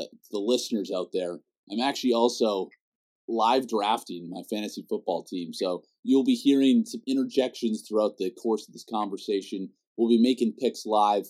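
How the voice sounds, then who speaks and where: A man with a Canadian accent hosts a podcast interview in a loose, rambling way, filling pauses with plenty of ums and restarts. His voice sits fairly low. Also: darkish tone. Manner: rambling, with many fillers and restarts. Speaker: podcast host. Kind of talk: casual interview chat.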